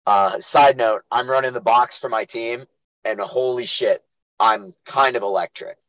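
A man's voice: mid-range voice, unhurried, dry recording, rough recording. Chatty young man telling stories. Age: young adult. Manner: animated storyteller, acts out quotes. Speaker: podcast co-host and youth lacrosse coach. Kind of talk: casual chat.

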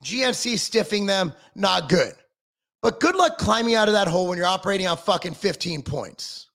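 Brief: middle-aged man, profane heated rant, high gravelly voice, swinging pitch. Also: very animated, normal speed, fairly bright tone. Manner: heated, sarcastic, swearing constantly.

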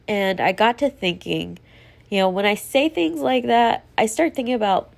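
Woman rambling on her solo podcast, earnest, kinda out of breath, gravelly voice. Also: fairly high pitch, expressive, normal speed. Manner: rambling, earnest, self-reflective. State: running out of breath. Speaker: podcast host. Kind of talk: solo casual podcast monologue.

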